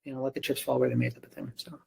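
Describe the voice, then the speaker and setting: A Korean nutrition coach appears as a podcast guest, casually sharing a personal story and animatedly acting out others' quoted lines. His husky, mid-range voice races along with vocal fry.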